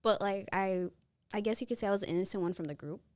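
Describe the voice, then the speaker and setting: A woman's voice: mid-range voice, fast talker, dry recording. A woman in her twenties telling a story as a podcast guest on a close mic, acting out the people in it. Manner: animated, acts out the people in her stories. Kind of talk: casual storytelling.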